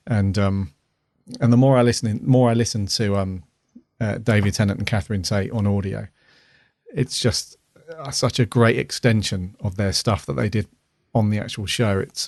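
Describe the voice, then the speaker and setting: A man's voice: fairly low pitch, steady tone, moderate pace, a little mellow, dry recording, studio quality. A middle-aged man co-hosting a podcast, rambling casually with lots of fillers and restarts. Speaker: podcast co-host. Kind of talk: casual chat.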